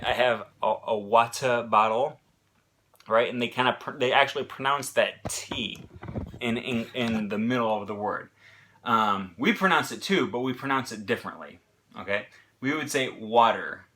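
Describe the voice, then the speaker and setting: A man's voice: mid-range voice, pushed and bright. A man with an American accent explaining pronunciation in a casual lesson, talking in short bursts with fillers and restarts. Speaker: language teacher.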